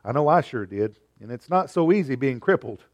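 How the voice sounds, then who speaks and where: A man's voice: mid-range voice, expressive, fairly quick, lightly acted. A man voicing a polite, earnest young boy with a leg brace.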